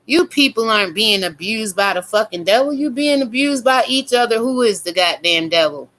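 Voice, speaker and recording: Middle-aged woman ranting bout god n the devil, cussing nonstop, bright sharp voice kinda high. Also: animated, normal speed. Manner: fiery, cursing, preachy. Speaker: online commentator. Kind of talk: profane religious rant.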